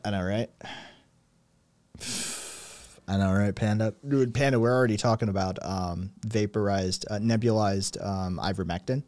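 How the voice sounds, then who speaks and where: A man's voice: lowish voice, fairly even intonation, a little slow, pauses often, darkish tone, no echo. A man streaming live, chatting casually with viewers in a rambling, sarcastic way, with lots of swearing and filler words.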